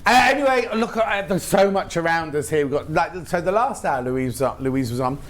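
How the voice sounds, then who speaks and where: A man's voice: a little high, animated. A British man presenting on a live shopping channel, chatting eagerly and listing products. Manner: chatty, quick asides, lists products eagerly. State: has hiccups. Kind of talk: live TV sales chat.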